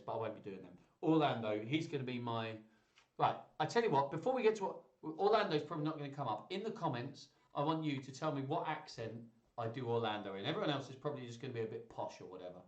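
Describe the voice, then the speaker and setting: A man's voice: mid-range voice, dull audio. A man hosting a live stream, reading a children's story aloud with playful, chatty asides to his viewers. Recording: roomy echo.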